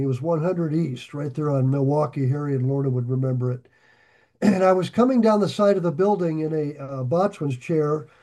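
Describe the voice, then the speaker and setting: A man leads a Bible study and tells a rambling anecdote, chuckling along the way. His voice sits fairly high yet sounds mellow and warm. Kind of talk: casual storytelling.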